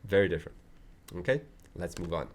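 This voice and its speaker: Man, French accent, fairly low voice, French teacher, lively, keeps checking in. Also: normal speed. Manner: lively, checks in often with "ok?" and "d'accord?". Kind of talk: language lesson.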